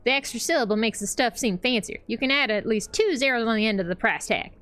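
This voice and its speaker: A woman's voice: fairly high pitch, quick pace, a bit bright, faint music behind, close to an everyday voice. A woman reading the lines of a chatty, eccentric game shopkeeper in a breezy, theatrical way.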